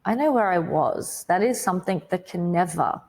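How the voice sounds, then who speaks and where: An Australian woman, a podcast guest, recounts her faith testimony at normal speed in an animated voice that sits slightly low for a woman. Her storytelling is vivid and dramatic, packed with "like," and punctuated by abrupt loud outbursts.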